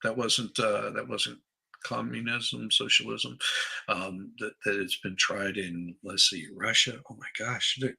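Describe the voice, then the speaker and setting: Gravelly, raspy man in casual chat. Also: lowish voice, steady tone, sharp tone, rough recording. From United States. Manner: halting, many restarts, sarcastic. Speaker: co-host.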